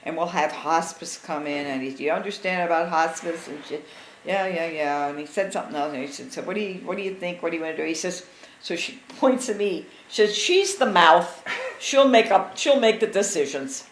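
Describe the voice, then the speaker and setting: Woman, sixties, casual storytelling, low voice, echoey room. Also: fast talker. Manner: animated, acts out quotes of others. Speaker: interviewee telling family stories. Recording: echoey room with faint background noise.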